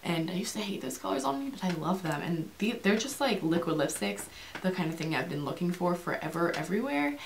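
A young woman chatting fast and rambling through a beauty product review, with many fillers and restarts, speaking to camera. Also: fairly low pitch, big pitch swings, vocal fry, a little hiss or hum. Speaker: beauty vlogger.

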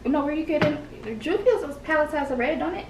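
A young adult woman co-hosting a casual chat, animated and questioning, recorded from a distance in an echoey room. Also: sits high, brisk. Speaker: co-host. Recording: echoey room, mic far off, noisy.

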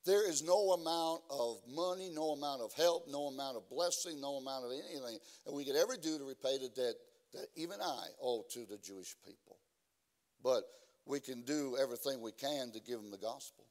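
A man preaching a sermon as a guest preacher. He stumbles through fillers and restarts, then builds to loud, emphatic preaching. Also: mid-range voice, lively intonation, fairly quick. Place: church.

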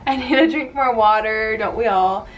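A woman's voice: fairly high pitch, normal speed, a little hiss or hum. A young woman chatting casually to camera at home, rambling with lots of "like" fillers. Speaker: vlogger. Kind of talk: casual chat.

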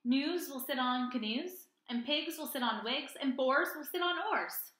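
A woman's voice: sits high, unhurried, fairly bright tone, roomy sound. A woman reading aloud as a boastful frog, rhyming in a sing-song way. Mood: playful. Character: cheerful boastful frog, rhyming know-it-all.

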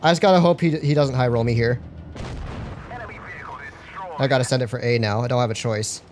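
A young man doing live gameplay commentary on a stream, excitable and slangy, joking and talking to his chat. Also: medium pitch, fairly quick, a little hiss or hum.

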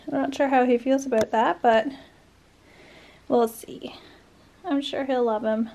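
A woman's voice: steady tone, a little slow, mellow. A woman vlogging in a casual, rambling way, with many hesitations, who turns to cooing at her puppy. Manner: rambling, hesitant, full of ums; coos in a high voice at her puppy. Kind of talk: casual chat to camera.

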